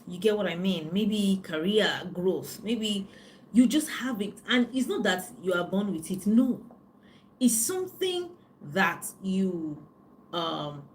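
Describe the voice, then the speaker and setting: A woman life coach chats on a live stream, telling stories in a lively way with plenty of "you know". Her voice sits fairly low. Faint background noise runs behind her. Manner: chatty, animated storytelling with frequent "you know". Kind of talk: live-stream chat with viewers.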